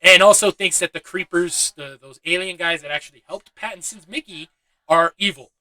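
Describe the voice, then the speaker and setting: A man's voice: sits high, normal speed, bright, forceful tone, no room sound, poor audio. A young man giving a loose, chatty movie review, swearing freely and laughing at his own asides. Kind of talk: casual spoken film review.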